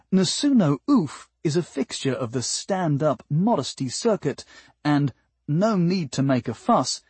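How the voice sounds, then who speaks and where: A man's voice: a little high, a little mellow, slightly rough, no echo, full character voice. A man voicing a chipper alien translator device that adds mocking, insulting asides, in an audiobook. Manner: chirpy helper, mocking asides. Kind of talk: audiobook character voice.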